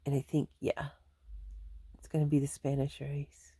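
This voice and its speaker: A woman's voice: low-pitched, completely flat delivery, normal speed, mellow, husky, dry recording. A woman chatting casually to her viewers from home, rambling and laughing often. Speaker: vlogger. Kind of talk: casual chat to camera.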